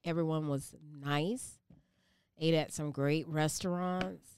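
A woman's voice: deep voice, fairly even intonation, takes it slowly, a little mellow, slight background noise. A woman from Savannah, Georgia, chatting casually and teasingly, with many fillers. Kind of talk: casual chat.

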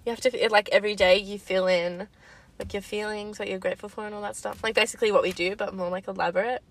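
A young adult woman co-hosting a podcast, chatty and quick to laugh, still getting over a lingering illness. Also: mid-range voice, fairly even intonation. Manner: chatty, laughs often, swears casually. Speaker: podcast co-host. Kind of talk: casual chat.

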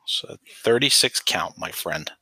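Bright, dry-sounding podcast co-host man. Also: sits low, animated, measured pace, husky, no echo. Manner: playful, teasing, tells jokes with put-on voices. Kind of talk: casual chat.

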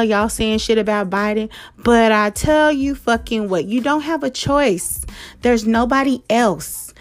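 A woman hosting a podcast, talking straight to her listeners in a blunt, profane, emphatic way, repeating herself for stress. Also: fairly high pitch. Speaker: podcast host. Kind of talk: casual direct-to-listener monologue.

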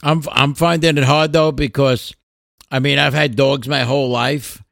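Gravelly man, laid-back. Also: medium pitch, steady tone, moderate pace, a bit bright, no room sound, studio quality. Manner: laid-back, rambling, swearing. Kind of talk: casual chat.

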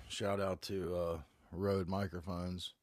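A low-voiced man delivers a flat, slow-paced, casual solo podcast monologue, glum and rambling with heavy cursing as a stuffy head cold drags on him. He's in his 40s, hails from North Carolina, and speaks into a phone in a back bedroom at home. There's no room sound and it's studio quality.

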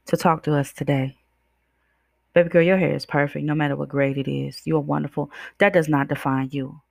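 A woman's voice: low voice, gravelly, dry recording, clean studio sound. A woman hosting her own podcast as a life coach, speaking emphatically and preaching directly to her listeners. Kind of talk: podcast monologue.

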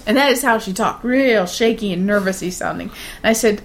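A woman's voice: medium pitch, fast talker. A woman in casual conversation, telling stories in a chatty way and laughing often. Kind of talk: casual chat.

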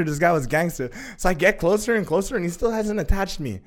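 A young man in casual chat, telling a story excitedly, swearing a lot and acting out what others said. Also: sits high, quick pace. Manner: excitable, profane, acts out quotes with laughter.

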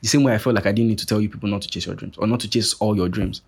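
A young man hosting a podcast, talking in a rambling, profane, animated monologue full of restarts. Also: on the low side, racing, slightly rough. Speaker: podcast host. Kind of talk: casual monologue rant.

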